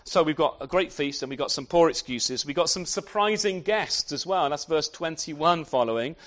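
A man preaching a sermon to his congregation, animated and often repeating words as he restarts his sentences. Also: a little high, normal speed. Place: church.

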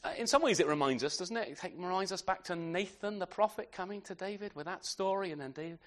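Preaching an expository sermon in a conversational style, this man has a voice that sits high and sounds a bit bright. His delivery halts with restarts and repeated words, and he frequently ends points on tag questions.

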